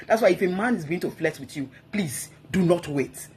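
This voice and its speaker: A woman's voice: on the low side, lively intonation, normal speed, a little mellow, husky. A woman, a guest speaker giving emphatic, preachy advice on marriage and often repeating herself for effect.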